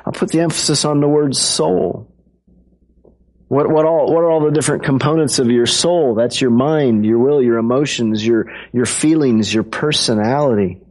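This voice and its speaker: A man's voice: mid-range voice, moderate pace, a little mellow. A man preaching a sermon to a congregation in a conversational, playful way, acting out quotes with his voice. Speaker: pastor.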